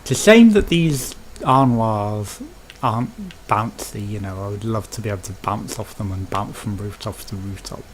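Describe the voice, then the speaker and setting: A man's voice: on the low side, normal speed, slight background noise, rough recording. A man with a Birmingham accent giving chatty, rambling commentary while playing a video game. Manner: rambling, chatty, thinking aloud. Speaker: let's play host. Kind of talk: casual gameplay commentary.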